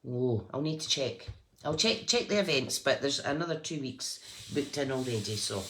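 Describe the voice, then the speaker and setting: A woman with a notably low voice hosts a live scrapbooking session from her craft table. She chats as she works, hums to herself and breaks off to greet viewers by name. Faint noise sits behind her. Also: expressive, normal speed. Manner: chatty, thinks aloud and hums while working. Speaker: craft host.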